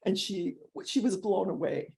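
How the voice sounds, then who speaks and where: A woman's voice: mid-range voice, unhurried, creaky, a little mellow. A woman author telling stories in an interview on a video call, earnest and quoting past dialogue. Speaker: author guest. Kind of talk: storytelling in an interview.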